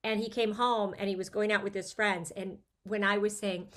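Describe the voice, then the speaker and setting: A woman's voice: medium pitch, fairly even intonation, moderate pace, fairly bright tone. Middle-aged woman, chatty guest, candid and emotional storytelling about her kids. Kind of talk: casual chat.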